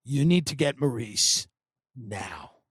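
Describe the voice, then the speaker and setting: A man's voice: mid-range voice, sing-song, slow pace, fairly bright tone, breathy edge, dry recording, clean studio sound, pitched below the performer's own voice, exaggerated voice. A man playing an imperious rich old woman. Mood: demanding. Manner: demanding, haughty.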